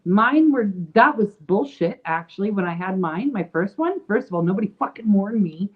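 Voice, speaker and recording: A woman co-hosts a casual chat, blunt and full of swearing, laughing as she talks. Her voice sits at an ordinary pitch for a woman. The sound is thin and tinny, like a phone line. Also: animated, moderate pace. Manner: blunt, profane, laughs often. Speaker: podcast co-host.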